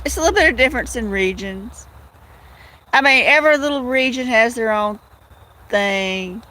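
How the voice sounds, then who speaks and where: A woman's voice: fairly high pitch, normal speed, pushed and bright. A woman with a Southern US accent hosting a casual livestream, rambling, greeting viewers by name and laughing often. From Southern United States. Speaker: livestream host.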